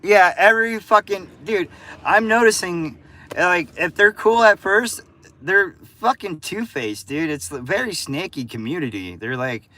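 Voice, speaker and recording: Profane, combative man, forceful voice. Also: sits high, animated, a little slow. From United States. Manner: profane, combative ranting at chat. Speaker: live streamer. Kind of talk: casual livestream chat with viewers.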